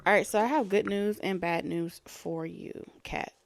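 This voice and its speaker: A woman's voice: mid-range voice, steady tone, a little slow, vocal fry. A woman, casually chatting to viewers during a live-stream tarot reading, her breathing audible near the mic. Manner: casual and chatty, talking to viewers between card pulls. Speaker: tarot reader.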